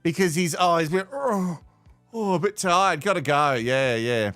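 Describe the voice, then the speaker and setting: A man's voice: sits high, very animated, unhurried, fairly bright tone, no echo, soft background music. An Australian man hosting a live watch-along, sarcastic and swearing with bursts of laughter. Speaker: host reacting to a reality show.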